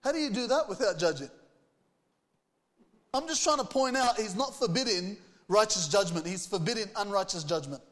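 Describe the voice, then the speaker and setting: High-voiced man preaching in a reverberant hall. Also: expressive, normal speed, fairly bright tone. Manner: earnest preaching, reads scripture aloud, rhetorical questions. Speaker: pastor. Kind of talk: sermon.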